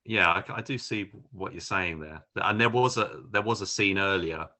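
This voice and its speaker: Low, bright-voiced man rambling about films. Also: moderate pace. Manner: rambling, many restarts and fillers. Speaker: podcast co-host. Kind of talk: casual film review chat.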